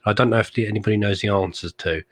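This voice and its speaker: A man co-hosting a live stream in a casual chat, talking in quick bursts with jokey asides. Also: lowish voice, steady tone. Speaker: co-host.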